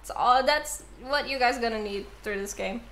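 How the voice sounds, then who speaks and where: A woman's voice: on the high side, normal speed, fairly bright tone, a little hiss or hum. A young woman streaming a game from home, reading the game text aloud and chatting playfully with viewers, often giggling.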